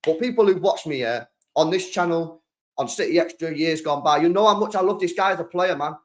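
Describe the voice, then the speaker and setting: A young British man hosting a football channel, chatting casually and excitably on a live stream, full of slang and repeating himself. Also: fairly high pitch, brisk. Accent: British English.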